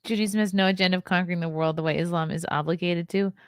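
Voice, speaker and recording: A woman's voice: on the low side, steady tone, fast talker, smooth, no room sound, clean studio sound. A woman hosting a casual podcast, laughing often, giving short reactions and reading out viewer comments. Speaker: podcast host.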